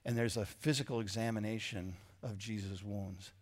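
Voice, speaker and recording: A man preaching a sermon, who swings from loud emphatic lines to hushed ones and sometimes repeats words mid-sentence. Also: on the low side, fairly even intonation, normal speed. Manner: dramatic shifts between loud emphasis and hushed quoted lines; repeats words when searching for them. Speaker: pastor.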